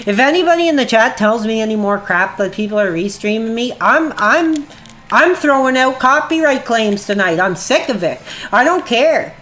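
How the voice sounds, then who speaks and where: A woman's voice: a little high, expressive, normal speed, fairly bright tone, soft background music. A woman livestreamer ranting angrily at her chat in a heated, profane way. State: agitated. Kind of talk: angry livestream rant.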